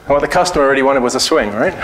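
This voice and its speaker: A man gives a casual conference talk in an echoey hall, blunt and joking, telling anecdotes and swearing freely. He talks fast, at a medium pitch with a fairly bright tone.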